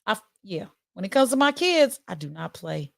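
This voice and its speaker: A woman's voice: medium pitch, moderate pace, creaky, no room sound, studio quality. A woman in her forties hosting her live-stream talk show, telling stories candidly and acting out voices as she goes. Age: 40s. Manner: animated, candid storyteller who acts out voices.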